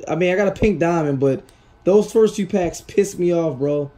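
This man runs his own gaming channel, and his casual commentary turns into frustrated rants full of swearing. His voice is high and dark in tone, delivered at normal speed.

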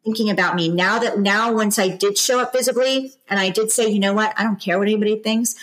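A woman's voice: mid-range voice, fast talker, low-quality recording. A woman business coach speaking as a podcast guest, earnest and encouraging, with frequent restarts. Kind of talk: casual podcast interview.

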